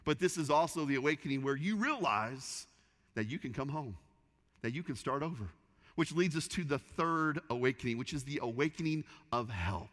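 A middle-aged man preaching a sermon as pastor, telling a story in a lively way with repeated restarts. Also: medium pitch, normal speed. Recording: long reverb of a large hall.

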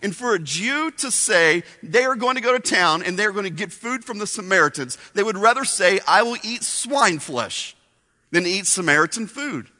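Lively male preacher, high bright voice, storytelling sermon style. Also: brisk, hardly any pauses. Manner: animated storytelling with asides to the congregation. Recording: long hall reverb.

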